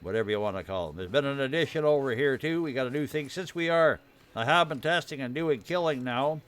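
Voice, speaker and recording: Medium-pitched, animated and brisk, a man with a fairly bright voice rambles while streaming a game live. Despite his dry, irritated throat, he chats casually about his farm build, greeting viewers as he shows it around.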